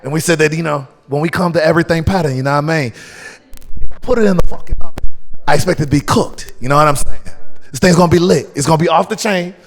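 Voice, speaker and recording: An American man playing a loud, over-the-top British bloke in a mock British accent, with a sing-song, stretched-out delivery. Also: on the high side, fast talker, in a large hall, pitched above the performer's own voice, close to an everyday voice. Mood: hyped.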